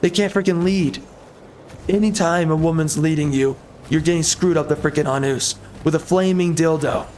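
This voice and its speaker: Heated, ranting man, slightly high voice. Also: steady tone, moderate pace, a little mellow, a little hiss or hum. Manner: heated, emphatic, repetitive ranting. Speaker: gaming commentator. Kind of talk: ranting commentary over gameplay.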